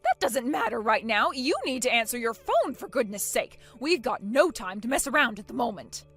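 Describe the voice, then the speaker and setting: Bossy and indignant, this middle-aged mother-in-law barks orders and protests at full volume, as a woman acts her out. Her raised voice leaps around in pitch, sitting a little high. Soft music plays beneath this animated story. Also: moderate pace, slightly rough, heavily acted. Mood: commanding. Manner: loud, indignant, demanding. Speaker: voice actor. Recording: faint music underneath.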